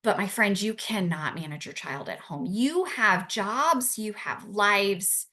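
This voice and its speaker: A woman's voice: medium pitch, animated, takes it slowly, pushed and bright. A young adult woman giving an earnest, reassuring talk to parents, repeating her key phrases. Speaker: family support speaker for parents.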